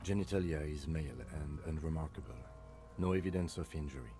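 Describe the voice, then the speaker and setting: An actor playing a calm, methodical male police lieutenant in a video game, speaking in a measured, clinical, dry way. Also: rumbling low, soft background music.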